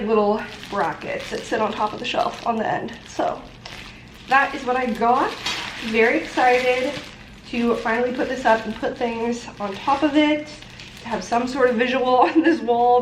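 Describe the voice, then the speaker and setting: A young woman in her twenties chats to her camera in a loose, rambling vlog style, laughing easily between thoughts. Her voice sits a little on the high side. The recording is roomy and echoey, with a faint hum of ambience behind her. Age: 20s. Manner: chatty, rambling, often laughing. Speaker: lifestyle vlogger. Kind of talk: casual vlog talk to camera. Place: apartment and city streets.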